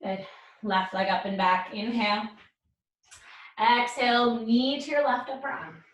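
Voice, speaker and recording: A woman leading a yoga class, calling out poses and breaths in calm, encouraging cues. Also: on the high side, a little slow, recorded from a distance, muffled recording. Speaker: yoga instructor. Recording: roomy echo, speaker away from mic.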